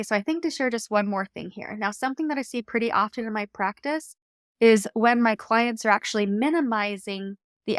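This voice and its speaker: A woman podcast host and coach giving calm, earnest, reflective advice in a solo talk. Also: fairly high pitch, clean tone, no echo, studio quality. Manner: calm, earnest, coaching tone with occasional light laughs.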